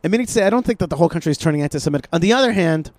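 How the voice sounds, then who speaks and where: A man hosting a casual podcast conversation, animated, often repeating himself and restarting his sentences. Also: fairly high pitch, rapid-fire, no echo. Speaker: podcast host. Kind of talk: casual political chat.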